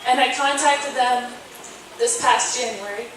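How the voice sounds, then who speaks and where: A woman's voice: on the high side, a little slow. A woman volunteer giving an earnest, grateful thank-you speech at a fundraiser, with hesitant fillers, recorded from a distance in a hall. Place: indoor event hall at a fundraising concert. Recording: very echoey hall, from far off, noisy.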